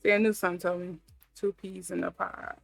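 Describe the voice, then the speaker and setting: A woman's voice: fairly low pitch, level tone, fairly quick, vocal fry, no echo, faint music behind. A woman giving a casual intuitive tarot reading, musing aloud with many fillers as she thinks. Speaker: tarot reader.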